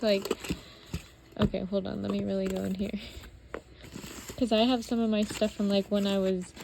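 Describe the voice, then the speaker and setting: A woman's voice: mid-range voice, background noise. A woman vlogging at home as she sorts through her belongings, talking in a rambling, heartfelt way with many fillers. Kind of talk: casual personal vlog. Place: home while sorting belongings.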